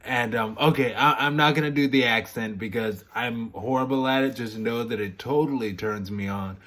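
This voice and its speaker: A man's voice: mid-range voice, normal speed, fairly bright tone. A man vlogging casually to camera, rambling and interrupting himself, laughing at his own remarks. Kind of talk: casual candid chat to camera.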